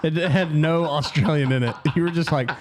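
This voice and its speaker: A man's voice: on the high side, normal speed, background noise. Man tossing in dry quips. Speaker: podcast co-host. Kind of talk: casual chat.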